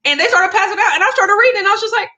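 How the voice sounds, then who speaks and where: A woman's voice: very high voice, rapid-fire, pushed and bright. A young woman hosting a casual livestream chat, telling stories with animation and reading viewer comments aloud. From Kentucky. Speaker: host.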